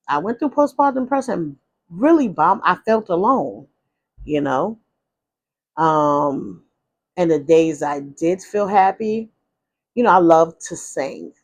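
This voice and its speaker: A woman vlogger telling her own life story in a candid, casual way. She rambles frankly, restarts her sentences and adds asides. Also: low-pitched.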